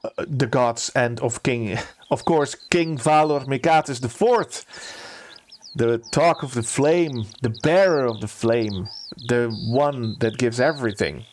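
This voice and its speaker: A man's voice: medium pitch, a little slow, slight background noise, lightly acted. A man voicing a pompous male court steward, theatrical and overwrought, who dotes on his pet bird. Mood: gushing. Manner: theatrical, swings from gushing to sobbing to sneering.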